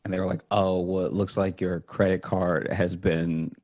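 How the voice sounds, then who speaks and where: A man's voice: normal speed, muffled recording. A man telling a comic story in casual chat, acting out the people in it and breaking into laughter. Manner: animated storytelling, acts out quotes with rising pitch and laughter.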